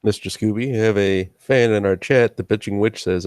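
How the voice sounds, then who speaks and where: A man hosting a casual livestream reads chat messages and jokes with guests. His voice sits low, and the sound is dry and close. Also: moderate pace, darkish tone, clean tone, no echo. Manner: reads chat, laughs along.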